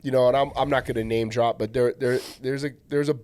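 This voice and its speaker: A man's voice: medium pitch, steady tone, quick pace, a little mellow. Blunt, casual podcast host, a man. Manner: blunt, swears freely, quotes others in dialogue. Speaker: podcast host, fight coach. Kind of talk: casual chat.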